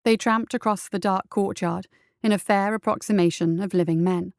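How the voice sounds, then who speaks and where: Female story reader, smooth and steady, dry close-miked narration. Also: mid-range voice, no room sound. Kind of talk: audiobook narration of fiction.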